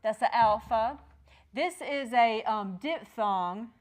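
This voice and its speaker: A woman with a fairly high voice speaks slowly while teaching a Greek class at a ministry school. Her classroom lecture is chatty and encouraging, and she jokes with her students.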